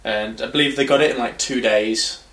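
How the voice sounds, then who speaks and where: A man's voice: mid-range voice, fairly even intonation, fairly quick, a bit bright, echoey room. A man hosting a podcast, talking casually, rambling through anecdotes and swearing freely. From England. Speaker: podcast host. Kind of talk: casual chat.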